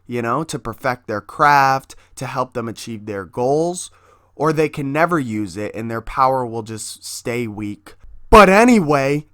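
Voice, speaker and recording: A man's voice: medium pitch, a bit bright, no room sound, clean studio sound. A man casually promoting his own comic book, hyped and swearing constantly as he talks.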